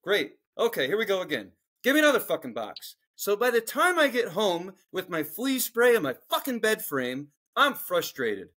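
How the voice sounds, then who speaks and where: A man's voice: high voice, sing-song, normal speed, hardly any pauses, pushed and bright. A middle-aged man from Philadelphia, co-hosting a podcast and telling a profane, ranting story in casual chat. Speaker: podcast co-host.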